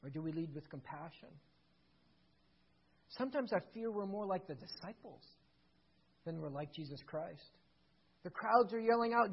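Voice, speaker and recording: A pastor preaching a sermon, dramatic, swinging between hushed passages and loud, emphatic ones. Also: medium pitch, animated, moderate pace, vocal fry, pauses often, husky. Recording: slightly dull lo-fi recording.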